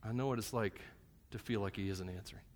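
A man preaching a sermon at a church service. He speaks in a plain, conversational, joking way, dropping to a hush one moment and shouting the next. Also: lowish voice, quick pace. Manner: self-described plain and a bit crass. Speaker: pastor. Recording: long hall reverb.

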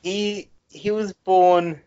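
A man's voice: high-pitched, little pitch movement, drawn-out words, mellow, muffled recording. A man ranting and joking in casual podcast banter, swearing often and laughing a lot. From England. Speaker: podcast co-host.

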